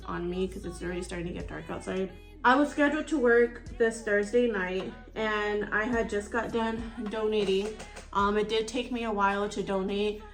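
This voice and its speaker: A woman, chatting casually as she tells a story while getting ready at home. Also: medium pitch. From Texas. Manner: chatty, rambling, acts out dialogue. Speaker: storytime YouTuber. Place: at home indoors by a window.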